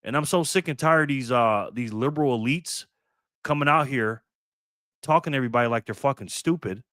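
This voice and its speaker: A man's voice: medium pitch, a little fast, fairly bright tone, no echo, studio quality. Blunt, profane man hosting a live stream. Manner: blunt, profane, ranting commentary; thanks viewers for donations by name. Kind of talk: casual reaction live stream.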